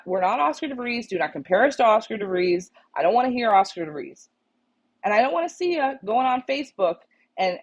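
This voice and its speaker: A woman co-hosts a casual stream for club members, blunt and exasperated, hammering her points home by repeating them. Her voice comes through a little husky and the sound is dull and lo-fi. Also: mid-range voice. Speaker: co-host of a pigeon auction club show.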